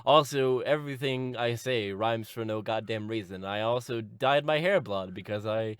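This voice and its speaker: A man's voice: mid-range voice, normal speed, clean tone, no room sound, natural voice. A man voicing a brassy middle-aged woman record shop owner with mock-proud sarcasm. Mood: sarcastic.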